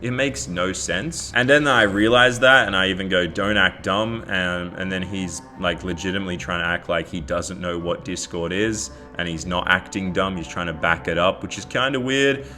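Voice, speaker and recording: A man's voice: low voice, moderate pace, hardly any pauses, sharp tone, faint music behind. An Australian man telling a story in a casual vlog, bemused as he recounts chat messages. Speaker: YouTuber.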